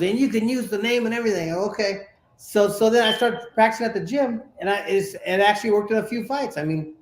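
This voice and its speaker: High-voiced man telling a boxing story. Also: roomy sound. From Sacramento, California. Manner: animated storyteller, repeats words while talking. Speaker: interview guest, former boxer. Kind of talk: casual storytelling interview.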